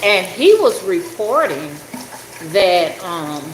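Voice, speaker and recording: An older woman talks casually on a live stream, calling out viewers by name and chatting as she works at home. Her voice carries a roomy echo, and the steady hum of an air conditioner sits clearly underneath. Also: on the low side, takes it slowly. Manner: chatty, greets viewers by name while working with her hands. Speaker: rootworker hosting a livestream. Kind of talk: casual livestream chat greeting viewers. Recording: echoey room with air conditioning noise.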